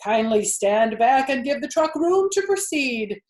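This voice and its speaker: A woman reading a story aloud and voicing a pompous fair loudspeaker announcer, slow and formal. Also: sits high, very animated, pitched above the performer's own voice. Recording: roomy echo.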